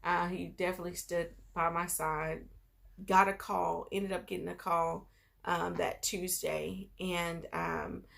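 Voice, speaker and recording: A woman's voice: fairly low pitch, little pitch movement, unhurried, creaky, a bit bright. A woman vlogger telling a personal story in a casual, chatty way, full of filler phrases.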